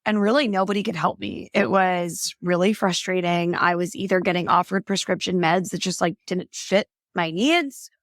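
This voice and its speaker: An earnest woman guest talking through her story in a casual interview, often tagging on a questioning "right?". Her voice sits a little low. The sound is dry and close, with no room in it. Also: normal speed, hardly any pauses, no echo. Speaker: guest, functional health practitioner.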